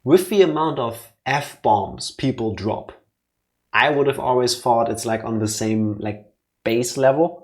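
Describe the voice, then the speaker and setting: A man's voice: medium pitch, a little slow. Chatty man co-host. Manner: chatty, jokey, asks lots of questions. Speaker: co-host of a let's play. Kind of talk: casual chat.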